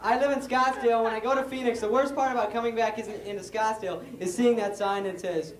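A young man performing a stand-up set on stage, sarcastic and quick with mocking asides. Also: very high-pitched, fairly even intonation. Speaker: stand-up comic. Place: stage before a live audience. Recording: roomy stage sound with crowd.

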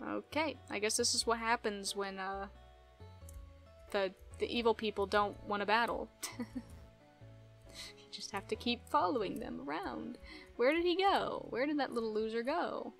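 A woman's voice: fairly high pitch, moderate pace, gravelly, long pauses, a bit bright, faint music behind. A woman casually commentating a video game playthrough, chatty and giggly. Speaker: let's play host.

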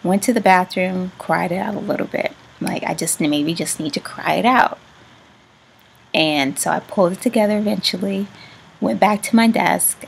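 A woman vlogger telling a personal story in a halting way, with words that often trail off into a soft whisper. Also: on the low side, creaky, slight background noise, poor audio. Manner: halting, with many restarts and fillers.

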